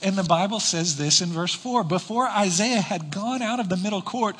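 A man, a pastor, preaching a sermon with rhetorical questions and slowed-down emphasis on key words. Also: high-pitched, fairly bright tone, slightly rough. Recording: reverberant hall.

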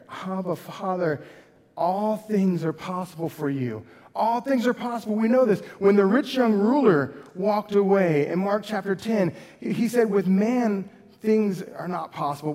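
A man's voice: a little high, a little mellow, in a large hall. A man preaching a sermon as pastor, earnest, rising and dropping his voice for emphasis. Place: church sanctuary.

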